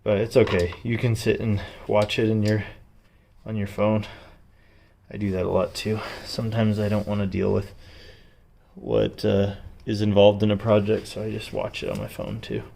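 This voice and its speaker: A man's voice: lowish voice, moderate pace, vocal fry, dark tone. A man chatting casually as he installs a part on his truck, joking along and sounding strained while he reaches into tight spots. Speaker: DIY car vlogger. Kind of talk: casual how-to commentary while working. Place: working on a truck's rear suspension.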